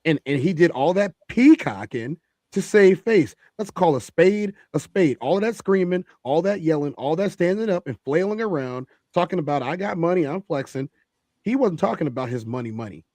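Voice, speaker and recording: A man's voice: a little high, lively intonation, moderate pace, darkish tone, dry recording. Emphatic man hosting a reaction commentary. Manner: emphatic, repeats phrases for effect. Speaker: host.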